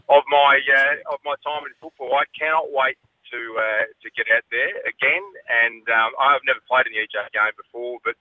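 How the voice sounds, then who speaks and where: A man's voice: medium pitch, fairly even intonation, normal speed, no echo. A man calling in to a radio show, chatting casually with lots of fillers and laughs. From South Australia. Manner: chatty, hesitant with many fillers, laughs often. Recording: tinny phone-line radio sound.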